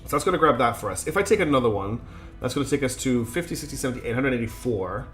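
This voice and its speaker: A man's voice: mid-range voice, animated, very fast, a bit bright, faint music behind. Chatty man with a mixed British accent. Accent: mixed British English with Scottish and Australian traces. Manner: thinks aloud, chatty, many fillers. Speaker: streamer. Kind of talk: live gameplay commentary.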